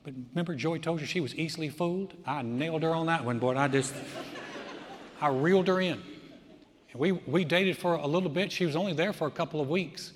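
A man in his sixties preaching a sermon, telling a personal story in a conversational, animated way and acting out quoted lines. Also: fairly high pitch, a little fast, a little hiss or hum. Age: 60s. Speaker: pastor. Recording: long hall reverb.

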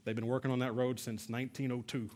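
A man's voice: medium pitch, flat delivery, quick pace, darkish tone. A middle-aged man from Texas preaching a sermon, telling a personal story in a conversational way with many fillers and restarts. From San Antonio, Texas. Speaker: pastor.

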